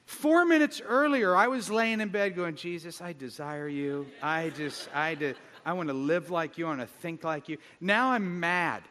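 A middle-aged man preaching a sermon as pastor, telling stories with animated, self-mocking humor. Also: on the high side, unhurried. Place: church hall. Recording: long hall reverb.

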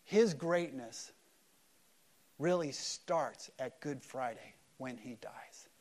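A man preaching an Easter sermon at a church service, swinging between loud emphatic peaks and hushed, quiet lows. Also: slow. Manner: acts out quoted voices in prayer-like dialogue. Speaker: pastor.

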